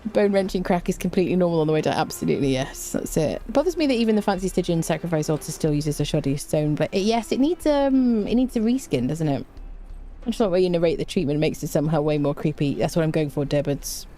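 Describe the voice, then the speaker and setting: A woman's voice: sits low, expressive, fast talker, warm tone. A woman streaming a survival game, talking casually and mocking herself, humming between remarks. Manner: chatty and self-mocking, hums to herself. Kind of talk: casual gameplay commentary.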